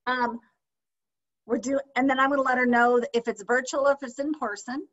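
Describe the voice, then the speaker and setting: A woman teaching a sales training session, lively and often checking in with her audience with questions. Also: high-pitched, fairly quick. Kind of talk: training session on a video call. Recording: slightly dull lo-fi sound.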